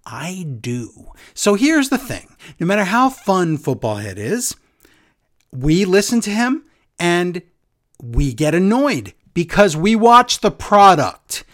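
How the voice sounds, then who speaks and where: A podcast co-host recapping a wrestling show in casual chat, sarcastic and animated as they tell the story. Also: mid-range voice, takes it slowly.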